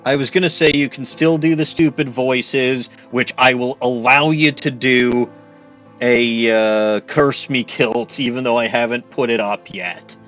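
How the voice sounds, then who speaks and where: A man's voice: medium pitch, steady tone, unhurried, a bit bright, soft background music. A man streaming a game in casual commentary, swearing freely and joking at his own expense. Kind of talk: casual let's-play commentary.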